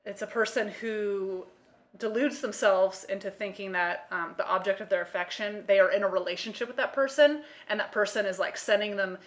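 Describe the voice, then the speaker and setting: A woman's voice: medium pitch, moderate pace. Chatty American woman podcast co-host. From United States. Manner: chatty, lots of fillers, acts out quoted voices. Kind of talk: casual chat.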